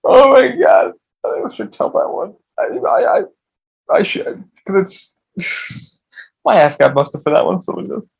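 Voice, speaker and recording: Casting: man, podcast host, gravelly and a bit high-pitched, profane, rambling storyteller. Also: huge pitch swings, normal speed, pauses often, poor audio. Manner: profane, rambling, with frequent restarts.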